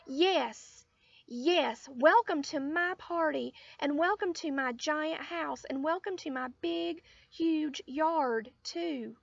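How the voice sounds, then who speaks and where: A woman voicing a bossy, excitable little rich girl in a storybook reading. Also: slow pace, gravelly, no room sound, heavily acted. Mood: bragging. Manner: shrill, showy and excitable. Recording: dull lo-fi audio.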